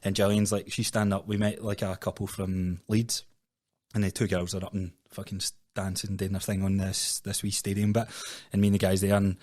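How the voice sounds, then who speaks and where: A Scottish man and personal trainer co-hosting a casual podcast, telling sweary, animated stories with quick restarts. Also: sits low, no echo, studio quality.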